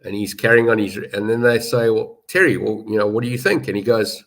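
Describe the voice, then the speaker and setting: A man's voice: fairly low pitch, a little fast, a bit bright. A middle-aged man from South Africa, a rugby betting pundit talking in a casual discussion, emphatic and fond of telling stories and repeating himself for stress.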